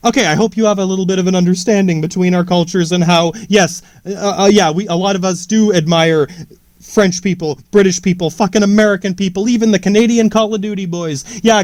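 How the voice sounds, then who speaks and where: High-voiced man ranting with heavy swearing. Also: dry recording, studio quality. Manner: rambling, sarcastic, heavy swearing. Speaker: podcast host. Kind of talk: casual profane rant.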